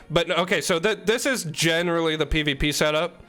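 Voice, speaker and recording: Young male streamer, slightly high, bright voice, rambling jokey chat. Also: fairly quick, soft background music. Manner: joking, teasing chat, rambling asides. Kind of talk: casual live-stream chat. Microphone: desk microphone.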